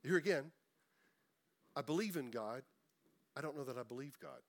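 A middle-aged man preaching a sermon in a conversational way, repeating words and slowing down for emphasis. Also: mid-range voice, expressive. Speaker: pastor.

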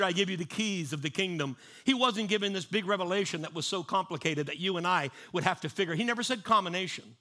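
A male preacher with a high, very bright and piercing voice. He talks to his congregation like a neighbor, circling back over his words and restarting sentences before he drives a point home. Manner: conversational, repeats and restarts, acts out panicked voices. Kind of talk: sermon.

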